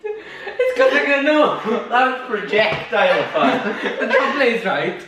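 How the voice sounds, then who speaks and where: A woman's voice: fairly high pitch, very animated, a little slow. Woman chatting from across a big echoey room, noisy background. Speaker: challenge player. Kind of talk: casual challenge video chat. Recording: roomy, distant, noisy.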